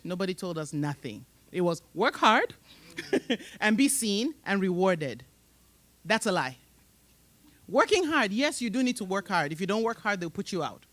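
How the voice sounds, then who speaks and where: A woman with a mixed, hard-to-place accent, giving an emphatic motivational career talk on a conference stage and laughing often. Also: mid-range voice. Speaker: panel moderator at a professional summit.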